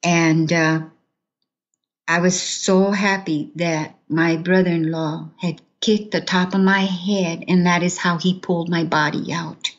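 A woman's voice: on the low side, level tone, a little slow, dull audio. A woman giving an earnest personal testimony in an interview, acting out the words of others as she tells it. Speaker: interview guest.

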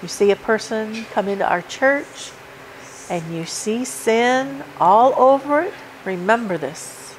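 A woman's voice: on the high side, animated, takes it slowly, slight background noise, poor audio. A woman preaching a sermon at a church service, emphatic and repeating her key points as she works through a numbered list. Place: church sanctuary.

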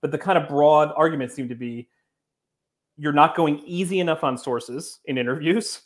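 A man's voice: a little high, normal speed. A man answering as a guest journalist, earnest and defensive, with many fillers as he explains himself. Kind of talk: interview answers.

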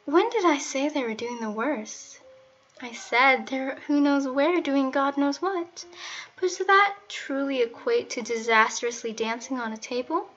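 A woman's voice: high voice, a little slow, a bit bright, pitched above the performer's own voice. A woman voicing a witty, sarcastic teenage girl who teases in a dry manner, for a storybook reading. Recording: muffled, faint music behind.

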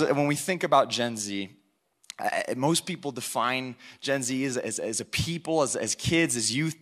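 A young man preaching as a youth pastor in a church service, excited and animated, with frequent restarts. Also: on the high side. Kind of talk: sermon.

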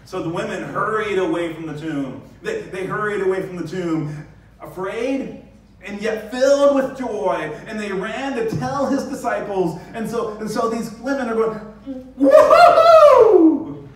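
A male pastor giving a lively sermon, acting out the scenes with sudden high bursts. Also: normal speed. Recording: very echoey church hall, distant mic.

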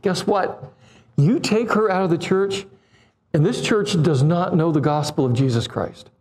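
A man in his seventies preaching a sermon, animated, acting out quoted voices and putting questions to the congregation. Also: high-pitched, a little slow. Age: 70s.

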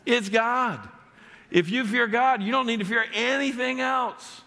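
A man preaching a sermon as pastor, emphatic, with his voice rising sharply on key points and dropping low on others. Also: unhurried, vocal fry. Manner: emphatic preaching with sharp rises and drops in pitch. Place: church sanctuary. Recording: long church hall reverb.

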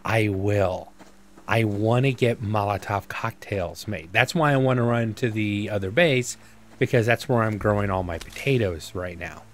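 A man's voice: fairly low pitch, normal speed, slight background noise. A man giving casual let's-play commentary as a gaming YouTuber, rambling and self-mocking as he thinks aloud.

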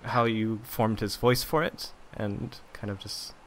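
A man's voice: fairly low pitch, fairly even intonation, measured pace, very noisy. A man hosting a podcast interview, asking long, hedging questions full of "kind of.". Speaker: podcast host.

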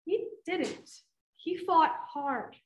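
An actress playing a calm, blunt young granddaughter studying law, in a stage play. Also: female voice, very high-pitched, drawn-out words, slight background noise, exaggerated voice. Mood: matter-of-fact. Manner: blunt, matter-of-fact. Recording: echoey room.

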